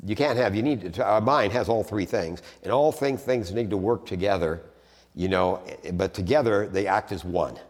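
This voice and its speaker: Guy teaching theology in an echoey hall, kinda low voice, chatty, lots of restarts. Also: moderate pace. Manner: conversational, repeats and restarts phrases, animated emphasis. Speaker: theology lecturer. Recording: long hall reverb.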